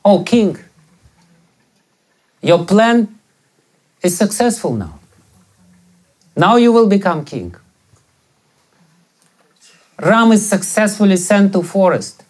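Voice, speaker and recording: A man's voice: sits high, lively intonation, takes it slowly, long pauses, voice pushed up. A man voicing a grieving, widowed queen who bitterly accuses the prince.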